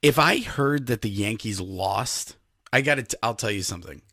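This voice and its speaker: A man co-hosting a podcast, telling an emphatic, animated story in casual chat. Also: on the low side, moderate pace, no room sound, studio quality. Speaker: podcast co-host.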